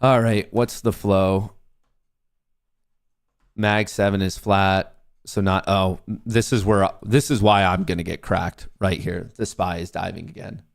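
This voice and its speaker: A man's voice: low voice, steady tone, a little slow, gravelly. A young man hosting a live trading stream, ranting profanely at comments from his chat. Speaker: livestream trading host.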